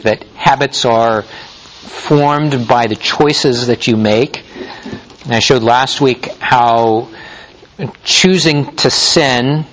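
A male pastor preaching a sermon, teaching in a measured way with frequent small restarts and fillers. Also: mid-range voice, slight background noise, poor audio.

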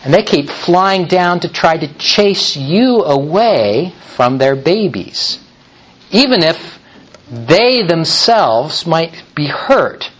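Slow, deliberate male preacher. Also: on the high side, big pitch swings, a bit bright, highs cut off. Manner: slow, deliberate preaching, turning to address children directly. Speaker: pastor. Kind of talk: sermon.

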